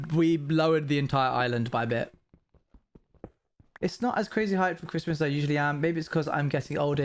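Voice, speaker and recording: A young British man streaming live, chatting casually and answering his viewers' questions in quick, upbeat bursts. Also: on the high side. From Britain. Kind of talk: casual livestream chat with viewers.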